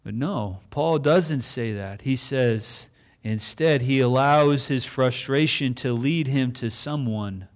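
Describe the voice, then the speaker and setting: A man's voice: medium pitch, takes it slowly. A man preaching a sermon in a conversational way, asking the congregation questions and voicing imagined speakers.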